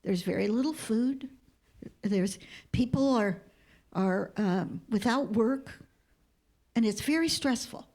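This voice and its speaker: A woman minister giving a heartfelt sermon and telling a story, sometimes dropping to a whisper. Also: a little high. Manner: slow, heartfelt storytelling with hushed, whispered moments. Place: church sanctuary.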